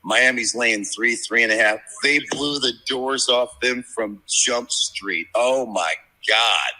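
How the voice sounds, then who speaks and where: Brief: profane fifties sports bettor, bright forceful voice with husky grit, rambling yarns. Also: male voice, medium pitch, takes it slowly, low-quality recording. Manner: brash, profane, rambling storyteller. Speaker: sports handicapper guest. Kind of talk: casual podcast chat, storytelling. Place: media row at a sports event.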